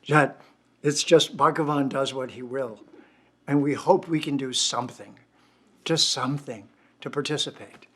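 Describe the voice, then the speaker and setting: An older man, a poet, closes a poetry evening with reflective, devotional words. His voice sits in a middle pitch, and he speaks in an easy storytelling way. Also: moderate pace, fairly bright tone, breathy edge. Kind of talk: closing remarks at an online poetry night.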